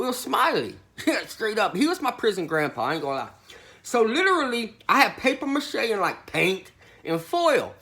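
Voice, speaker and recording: A man's voice: sits high, bright, forceful tone. A man telling a comedic tall tale to camera in a rambling, slangy way, saying "literally" over and over. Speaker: satirical prison storyteller.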